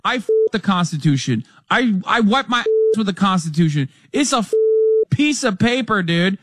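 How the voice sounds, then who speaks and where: A man shouting crude insults in a clip played on air. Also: high-pitched, big pitch swings, moderate pace, no room sound, studio quality.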